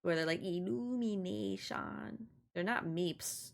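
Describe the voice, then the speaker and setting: A woman's voice: mid-range voice, sing-song, measured pace, vocal fry. A young woman giving casual, giggly let's-play commentary as she plays a video game. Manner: chatty, giggly, playful. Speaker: gaming streamer.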